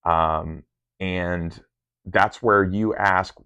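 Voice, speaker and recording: A man's voice: low-pitched, fairly even intonation, drawn-out words, pushed and bright, clear, resonant tone, dry recording. A man casually recounting his meditation sessions in a rambling way, full of ums and restarts. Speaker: meditation vlogger. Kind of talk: casual first-person recounting. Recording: dull lo-fi sound.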